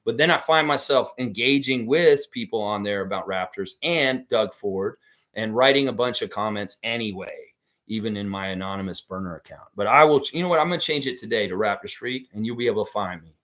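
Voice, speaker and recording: A man's voice: lowish voice, fairly quick, a bit bright. A man hosting a live stream, chatting casually and reading viewer comments aloud with rambling, opinionated takes.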